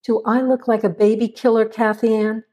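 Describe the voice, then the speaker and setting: A woman's voice: on the high side, level tone, normal speed, warm tone, husky. A woman reading the part of a hunted man on the run, curt and stern. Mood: terse. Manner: curt and demanding.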